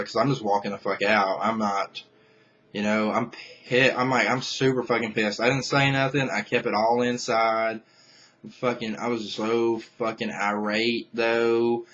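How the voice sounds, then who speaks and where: A man's voice: on the low side, a bit bright, muffled recording, a little hiss or hum. A young man venting to camera in a casual vlog rant, angry and profane, rambling with many restarts. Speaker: vlogger.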